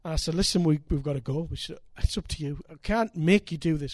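An older man, preaching a sermon and telling stories with animated, emphatic delivery. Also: a little high, fast, hardly any pauses, no echo. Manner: animated, building to loud emphatic peaks. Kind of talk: sermon with storytelling.

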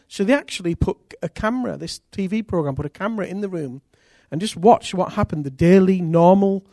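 A man preaching a sermon as pastor, earnest and intimate, with sudden loud rises. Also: high voice, a little fast, hardly any pauses, no echo, studio quality.

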